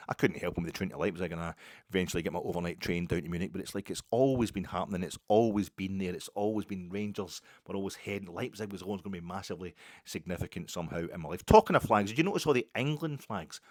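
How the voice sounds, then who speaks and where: Scottish man, low voice, quick rambling storytelling, dry close sound. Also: dry recording. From Scotland. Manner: rambling storytelling, animated asides, swears. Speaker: podcast host. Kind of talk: casual football chat.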